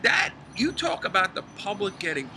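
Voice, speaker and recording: A man's voice: sits high, huge pitch swings, moderate pace. A middle-aged man ranting in a heated, profane casual chat, recorded outdoors in a backyard. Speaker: podcast co-host. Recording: clear outdoor background noise.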